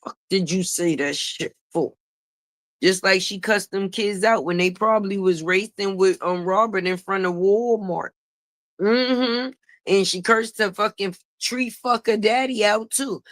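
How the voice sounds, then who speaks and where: Gossip commentary host, profane and emphatic, animated, mid pitch, dry close mic. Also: measured pace, dry recording. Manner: blunt and profane, with emphatic repetition; animated, laughing and mocking.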